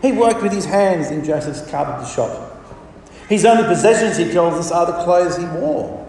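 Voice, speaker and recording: A man's voice: high-pitched, darkish tone, far from the mic, a little hiss or hum. Man preaching in an echoey hall. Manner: emphatic, rhetorical questions, varied dynamics. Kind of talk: sermon.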